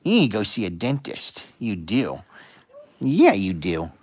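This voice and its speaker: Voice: deep voice, wildly swooping pitch, a little slow, background noise. A live stream host at home chatting casually with viewers and talking to the dogs in playful baby talk. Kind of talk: casual livestream chat.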